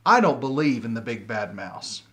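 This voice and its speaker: A man reading a picture book aloud, voicing a bold young girl gruffalo who exclaims in a loud sing-song chant. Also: medium pitch, big pitch swings, normal speed, pitched below the performer's own voice. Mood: defiant. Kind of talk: storybook read-aloud.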